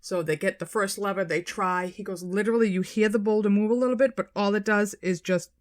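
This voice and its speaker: A woman co-hosting a podcast, telling a story in casual chat, animated and swearing as she quotes people. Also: mid-range voice, quick pace. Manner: animated retelling, swearing, quoting people in their voices. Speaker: podcast co-host.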